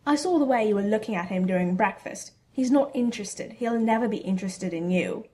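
A woman's voice: mid-range voice, a little fast, warm tone, lightly acted. A woman voicing a scheming, cheeky teenage boy wizard in a storybook reading, with a brash, teasing manner. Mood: pushy.

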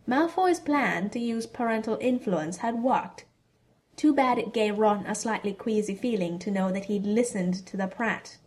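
A woman narrating a fan fiction story in a steady storytelling delivery. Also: mid-range voice, moderate pace.

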